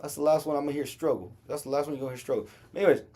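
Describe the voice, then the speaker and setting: Husky laid-back man talking basketball. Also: fairly high pitch, rapid-fire, warm tone. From Las Vegas, Nevada. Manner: laid-back, slangy, struggles playfully over names. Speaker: podcast host. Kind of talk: casual basketball talk livestream.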